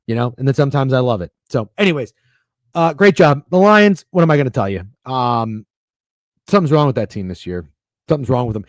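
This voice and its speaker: A man's voice: medium pitch, brisk, no room sound. A man hosting a casual sports betting livestream, rambling and swearing freely as he talks through games and bets. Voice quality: profane, rambling, excitable. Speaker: sports betting stream host.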